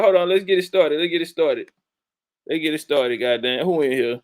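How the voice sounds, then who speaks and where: A man hosting a casual livestream, loudly and profanely shouting out viewers and joking with his chat. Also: on the high side, moderate pace, a little hiss or hum, low-quality recording. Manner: loud, profane, hyped-up banter with chat. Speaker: livestream host.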